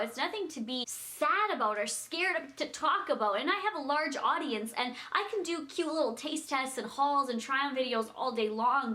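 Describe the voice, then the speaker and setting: A woman's voice: high-pitched, sharp tone. A young woman chatting casually in a vlog as she packs, rambling and giggling as she talks. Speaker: vlogger.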